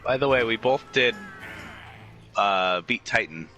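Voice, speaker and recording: A man's voice: fairly low pitch, expressive, a little slow, sharp tone, faint music behind. A man chatting casually while gaming, telling wry stories about the session. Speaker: gamer on a group voice chat.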